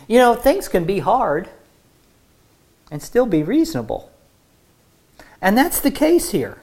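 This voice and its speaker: A woman's voice: mid-range voice, huge pitch swings, measured pace, darkish tone. A woman preaching a sermon to a congregation in an earnest, conversational way, often repeating words as she restarts a thought.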